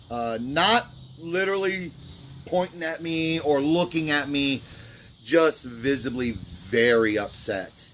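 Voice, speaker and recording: A man talks straight to his viewers, rambling and full of ums, sounding sorry about what he did. His voice sits at a middle pitch. Faint crickets and insects chirp behind him. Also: fairly bright tone, slight background noise. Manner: remorseful, rambling, many fillers. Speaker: vlogger. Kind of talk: casual talk to camera.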